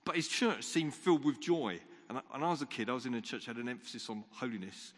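A man's voice: mid-range voice, expressive, fast talker. A man preaching a sermon as pastor, earnest and restarting his sentences often. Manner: earnest, repeats words when starting sentences. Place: church. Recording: long church hall reverb.

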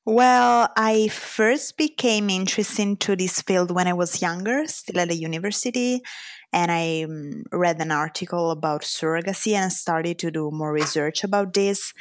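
A woman with an Italian accent speaks as an interview guest, earnest and a little formal. Her voice sits low. The recording is dry, with little room sound. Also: moderate pace, dry recording. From Italy. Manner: earnest, slightly non-native phrasing. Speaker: guest lawyer. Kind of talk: interview answers.

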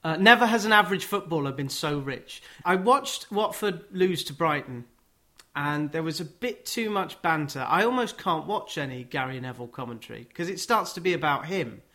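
A man's voice: fairly high pitch, animated, normal speed, sharp tone. A man hosting a football podcast, chatting casually with wry, joking asides. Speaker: podcast host. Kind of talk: casual chat.

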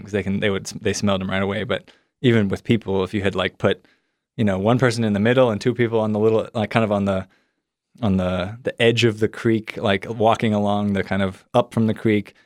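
A man's voice: on the low side, dry recording, studio quality. A young man telling a personal story in a casual, rambling way, full of "like" fillers and acted-out quotes. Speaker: son of a missing hunter, guest.

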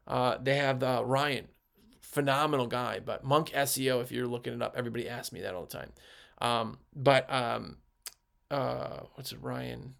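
A man's voice: mid-range voice, gravelly, fairly bright tone. A man talking on a podcast as a sales rep, giving a passionate pep talk that rambles with fillers and restarts. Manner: gets worked up, passionate. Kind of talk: energetic motivational podcast talk.

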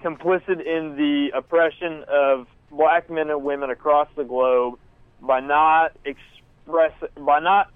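A man's voice: fairly high pitch, clear, resonant tone, no room sound. A man calling in to a show, rambling and profane. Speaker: caller. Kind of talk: casual call-in chat. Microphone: phone call from a parked car. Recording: tinny phone line.

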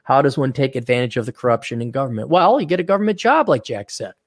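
A man's voice: medium pitch, lively intonation, quick pace, dry recording, clean studio sound. A man co-hosting a casual talk show, reading out donations and giving blunt, sarcastic opinions. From Wisconsin. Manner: blunt, sarcastic, acts out mocking quotes. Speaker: podcast co-host.

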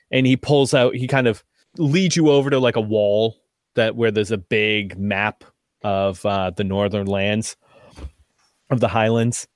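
A man's voice: fairly low pitch, steady tone, a little slow, no room sound, studio quality. A man running a tabletop game, thinking aloud with fillers and restarts. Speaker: game master.

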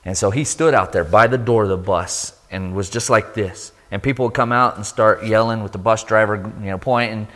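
A man giving a sermon testimony, telling his story with lively energy and acting out the voices of people he met. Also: fairly low pitch, brisk, few pauses. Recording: long hall reverb.

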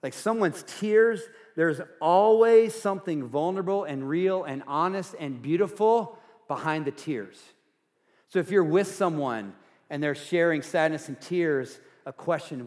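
A man preaching a sermon as pastor, earnest, going from loud emphasis to hushed softness. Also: a little high, measured pace, in a large hall. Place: church sanctuary.

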